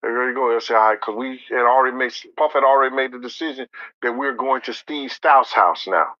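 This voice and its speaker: A man recounting a story in profane street slang, acting out others' lines and rising to near shouts. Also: medium pitch, brisk, no echo, highs cut off. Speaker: storyteller in an interview clip.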